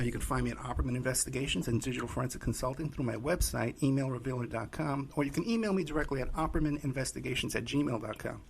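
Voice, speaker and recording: A man hosting a podcast interview, chatty and relaxed, with frequent fillers. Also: mid-range voice, gravelly, slight background noise. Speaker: podcast host and private investigator.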